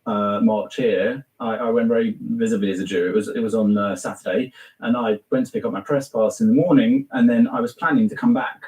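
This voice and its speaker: Hesitant, chatty interviewer in a roomy space. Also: male voice, fairly low pitch, fairly even intonation, a little fast, a little mellow. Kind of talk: conversational interview. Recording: roomy, distant mic.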